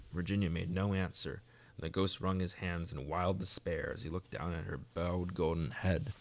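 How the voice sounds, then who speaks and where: A man reading a classic story aloud as audiobook narration, in a measured storytelling manner. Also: sits low, fairly even intonation, vocal fry. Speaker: reader.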